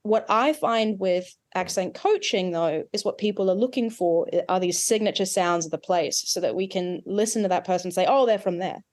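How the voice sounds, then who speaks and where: Australian woman, dialect coach, lively explanatory talk, slight american tinge. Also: on the low side. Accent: Australian with some American influence. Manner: animated, explanatory, quick asides. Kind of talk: podcast interview.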